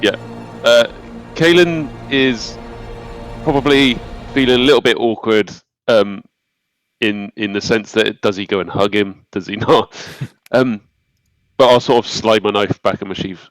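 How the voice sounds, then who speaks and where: Man, tabletop player, hesitant casual talk, low voice, faint music. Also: steady tone, measured pace, no room sound. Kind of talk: tabletop role-play chat.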